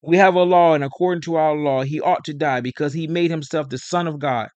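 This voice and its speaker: Man doing an angry crowd of priests, loud, insistent, raised pitch. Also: fairly even intonation, brisk, dry recording, close to an everyday voice.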